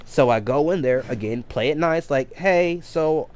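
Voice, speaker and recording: A man's voice: mid-range voice, normal speed, a little mellow. A man casually telling a long story on a game livestream, rambling with many restarts and self-corrections. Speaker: game streamer.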